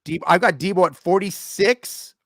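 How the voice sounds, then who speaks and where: A man co-hosting a live betting watch party in casual, animated chat. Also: sits high, moderate pace, dry recording, clean studio sound.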